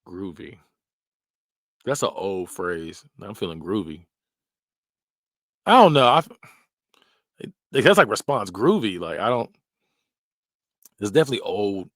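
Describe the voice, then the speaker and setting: A man's voice: on the low side, sing-song, a little slow, long pauses, a bit bright, no echo, clean studio sound. A man hosting a podcast, giving casual, joking reaction commentary and laughing often. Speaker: podcast host.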